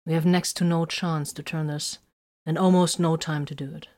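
Brief: woman doing a dark, curt male warrior, quiet and low, audiobook style. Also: little pitch movement, normal speed, lightly acted. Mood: grim. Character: grim male psychic soldier, dark and curt.

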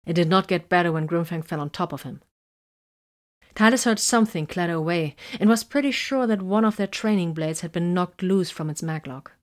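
A woman's voice: on the low side, brisk. Woman narrating a fight scene. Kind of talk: audiobook reading of fan fiction.

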